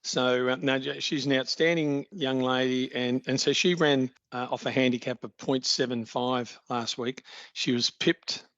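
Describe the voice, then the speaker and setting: A man, answering interview questions in a measured, informative way and praising the athletes. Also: medium pitch, fairly even intonation, fairly bright tone, no room sound. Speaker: athletics league official guest. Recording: dry, dull-sounding podcast audio.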